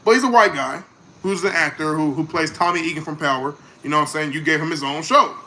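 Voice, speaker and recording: Reaction host, male, raised bright voice, animated, restarts a lot. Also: a little high, fast talker. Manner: animated, repeats himself, trails off with fillers. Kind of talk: casual reaction commentary.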